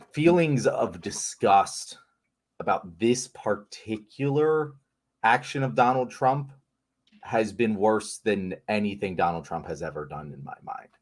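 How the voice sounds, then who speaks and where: A young man in heated political chat, swearing and ranting with emphatic anger. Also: on the low side. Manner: angry, swearing, emphatic rants.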